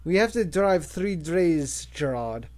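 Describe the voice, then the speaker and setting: A man's voice: fairly high pitch, expressive, takes it slowly, a little mellow. A man voicing a patient man on a long drive who answers plainly and wearily. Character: patient man on a road trip.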